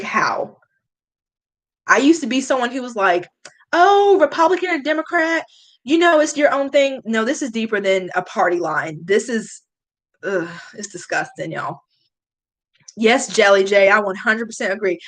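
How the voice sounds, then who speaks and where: A young woman hosting a long livestream, chatting casually and answering viewer comments with candid, animated reactions. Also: normal speed, rough recording. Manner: chatty and candid, swings up high when greeting viewers. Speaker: beauty vlogger hosting a livestream.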